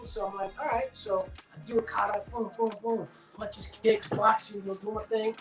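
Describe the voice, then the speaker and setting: A middle-aged man, an actor and guest on a live-stream interview, who tells stories in a lively casual way and acts out the dialogue of the people in them, heard over a video call. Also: sits high, brisk, hardly any pauses, roomy sound, over music, poor audio.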